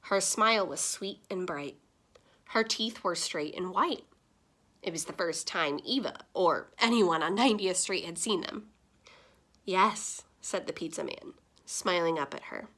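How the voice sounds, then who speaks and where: A woman with a medium-pitched voice reads a children's picture book aloud, telling the story expressively and with animation.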